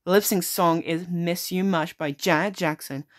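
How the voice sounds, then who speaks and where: In this let's-play clip, the gaming creator reads the simulator's on-screen text and reacts with plenty of swearing. She speaks at normal speed in a lowish voice with a steady tone.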